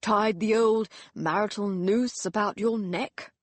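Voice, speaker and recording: A woman voicing a drunken, mocking young Victorian gentleman who talks loudly and slurs his words. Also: medium pitch, fairly even intonation, slow, no echo, close to an everyday voice. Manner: loud, slurring, teasing.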